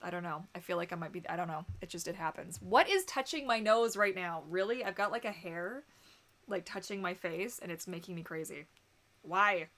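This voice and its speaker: A woman's voice: on the low side, expressive, a little fast, a bit bright. A young woman hosting a casual live stream, chatty and giggly, with lots of "like" and "um" fillers. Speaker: livestream host.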